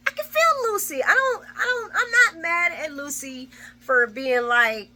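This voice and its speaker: Bright-voiced woman recapping a soap. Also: high voice, moderate pace. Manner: animated, swears freely, acts out characters' lines. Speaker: soap opera recap vlogger. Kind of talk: casual spoken recap.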